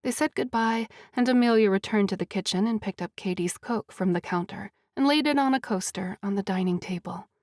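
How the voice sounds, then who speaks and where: A woman author reading her own romance novel aloud as audiobook narration, in an even storytelling voice. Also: mid-range voice, a little fast, few pauses, dry recording, clean studio sound.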